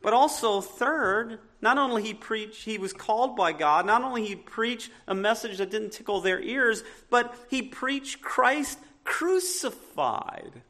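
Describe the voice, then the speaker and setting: A man's voice: high voice, animated, a little slow, hardly any pauses, sharp tone. A man with a Southern US accent preaching a sermon as a pastor, earnest and emphatic, often restarting his sentences.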